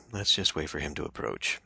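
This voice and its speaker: A man's voice: rumbling low, vocal fry, bright, forceful tone, husky, dry recording. A man playing a story game, reading its narration aloud and breaking off into casual joking asides. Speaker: let's play streamer.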